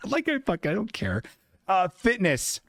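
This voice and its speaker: A man's voice: high voice, wildly swooping pitch, unhurried, gravelly, a bit bright, no room sound. A man hosting a livestream podcast, riffing in casual, profane, sarcastic rants about viewer submissions. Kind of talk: casual comedic chat reading viewer submissions.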